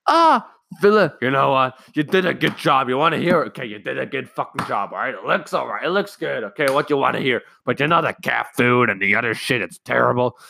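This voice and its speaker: A man's voice: mid-range voice, lively intonation, fairly quick, vocal fry, few pauses, bright, forceful tone, voice pushed up, heavily acted. A man putting on a whiny, nitpicking young adult friend who complains and turns sarcastic.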